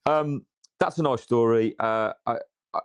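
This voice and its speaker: A man's voice: mid-range voice, measured pace, smooth, no echo. A man from England, chatting casually about his football club in a rambling way full of restarts and fillers. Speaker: podcast co-host. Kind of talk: casual football fan chat.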